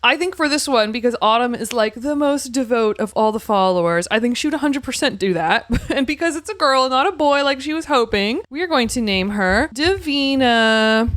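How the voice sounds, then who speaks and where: Woman chatting over her sim game, kinda high voice, giggly and wry. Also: animated, moderate pace, a bit bright, no echo. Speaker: gaming channel host. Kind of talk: casual gameplay commentary.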